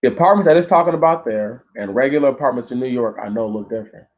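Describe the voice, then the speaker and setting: A man hosting his channel, reading a history text aloud haltingly with restarts and stopping often to comment bluntly, with plenty of swearing. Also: medium pitch, lo-fi sound. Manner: blunt and profane, stops often to rant. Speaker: channel host.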